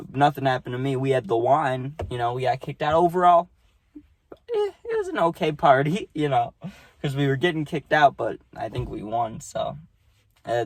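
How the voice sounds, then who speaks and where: Telling a party story in casual storytime style, this young man speaks at medium pitch with a slightly mellow tone and no room sound. It's loose, profane, and peppered with "right?".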